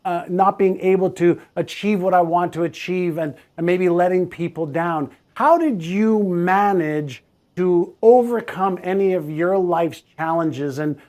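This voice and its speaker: A man hosting a casual interview, speaking calmly and reflectively, with a few hesitant restarts. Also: sits high, a little slow. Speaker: host.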